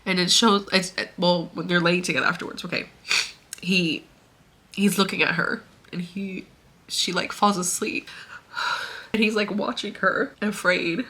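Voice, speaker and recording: A woman's voice: fairly low pitch, fairly even intonation, unhurried, bright, forceful tone, slightly rough. Emotional young woman retelling a story. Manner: emotional, tearful, laughing and sighing while retelling; rambling with many fillers. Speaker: book vlogger. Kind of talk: casual chat retelling a story.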